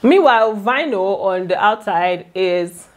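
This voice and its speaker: A young woman talks casually to her viewers, recapping and commenting in a relaxed vlog style. Her voice sits in an ordinary middle register. She keeps an easy, conversational flow and often speaks to her audience directly. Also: mid-range voice, unhurried. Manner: chatty, talks straight to viewers. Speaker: YouTuber recapping a reality show.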